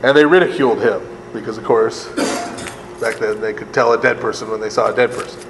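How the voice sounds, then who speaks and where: In a fairly low, brisk voice, a priest gives a chatty Bible study lecture, frequently asking "right?" and mixing in laughter and sarcastic asides. Long reverb fills the echoey room, with a faint air conditioning hum underneath.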